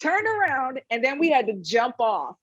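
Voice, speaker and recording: A woman wellness practitioner giving advice in a panel conversation, telling animated stories and often checking in with "right?". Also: high-pitched, normal speed, no echo, lo-fi sound. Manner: animated storyteller, frequent "right?" tag questions.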